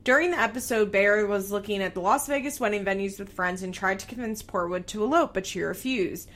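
A young woman talks fast and loose, recapping drama with lots of "like" and the odd curse word. Her voice sits at an ordinary middle pitch and bounces with lively, gossipy energy. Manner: animated, swears freely, heavy use of like. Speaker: commentator recapping a reality show. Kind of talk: casual chatty recap.

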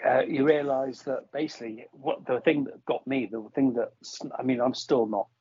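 A man's voice: mid-range voice, fairly even intonation, moderate pace, darkish tone, breathy edge, no echo. A man co-hosting a podcast over a video call, agreeable and hesitant, often restarting his sentences. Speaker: podcast co-host. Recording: dry lo-fi video call audio.

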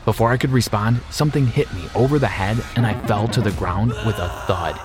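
A man narrating a scripted story in a steady, measured reading voice. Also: fairly low pitch. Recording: music behind.

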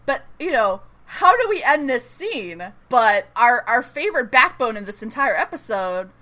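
A lively woman hosting a podcast in loose, casual chat. Her voice sits a little high and bright, swooping up and down as she gets worked up. She laughs often and swears freely. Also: moderate pace. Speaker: podcast host. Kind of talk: casual TV episode recap chat.

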